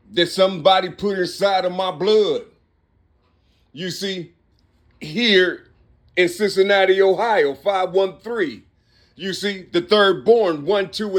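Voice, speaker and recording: In Cincinnati, Ohio, a man records himself in a rambling monologue, his voice a little high. He works through numbers and letters out loud, restarting haltingly and repeatedly asking "you see?"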